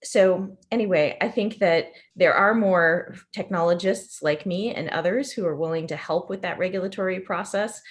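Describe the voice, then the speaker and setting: A woman on a conference panel speaks thoughtfully, her sentences paced by small hesitations. Her voice sits low for a woman. She sounds considered rather than rushed. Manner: thoughtful, many "um"s.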